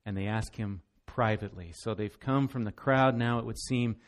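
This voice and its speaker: A man's voice: lowish voice, moderate pace. A man preaching a sermon as pastor, earnest and emphatic, often repeating words as he goes.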